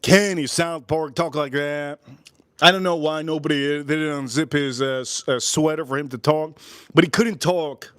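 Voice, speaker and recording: A man in his forties hosting a livestream, rambling and joking loudly as he talks straight to his chat. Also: on the high side, steady tone, moderate pace, no room sound, studio quality. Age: 40s. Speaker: livestream host.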